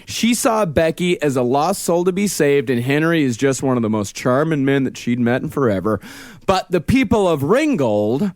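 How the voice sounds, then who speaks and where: Man, podcast host, true-crime storyteller, slightly high pitch, dry close mic. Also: moderate pace, no room sound. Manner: steady storyteller with filler uhs. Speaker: podcast host narrating the case.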